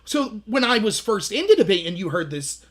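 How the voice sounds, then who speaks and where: A man in his thirties hosting a livestream, telling animated stories in casual commentary and acting out the voices he quotes. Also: high-pitched, normal speed. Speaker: livestream host.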